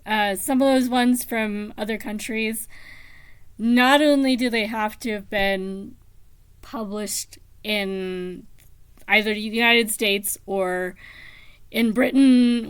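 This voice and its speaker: Woman book vlogger, unhurried, rambling, dry close sound. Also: fairly high pitch, smooth, dry recording. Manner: slow, meandering, many ums. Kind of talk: casual book chat.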